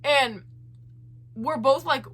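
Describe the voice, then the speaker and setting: A young woman vlogger telling a story in a casual, animated and exasperated way, full of asides. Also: high voice, drawn-out words.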